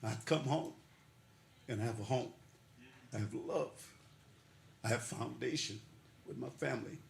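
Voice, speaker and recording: In a gravelly, medium-pitched voice and at a slightly slow pace, an older man delivers an emotional acceptance speech at an awards ceremony. He laughs while talking and drives his points home with repeated, preacherly phrasing, recorded in an echoey hall with faint noise.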